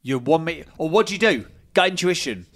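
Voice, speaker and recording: A man's voice: fairly high pitch, animated, fairly quick, fairly bright tone. Teasing man quizzing his wife. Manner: teasing, laughing quizmaster. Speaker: podcast co-host. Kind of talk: casual podcast chat.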